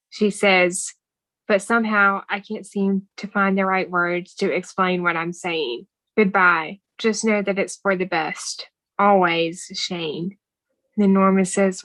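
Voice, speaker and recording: A woman's voice: medium pitch, steady tone, measured pace, dry recording, low-quality recording. A woman co-hosting a podcast, chatting casually and reading quoted movie lines aloud in an earnest tone. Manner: reads quoted film dialogue aloud, warm and earnest. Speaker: podcast co-host. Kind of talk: casual movie recap chat.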